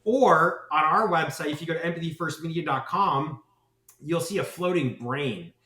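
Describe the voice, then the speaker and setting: On a podcast, a marketing agency founder speaks as an eager guest who runs on with asides and keeps asking "right?". His voice is slightly higher, bright and forceful, at a moderate pace, and the recording carries a noticeable room echo.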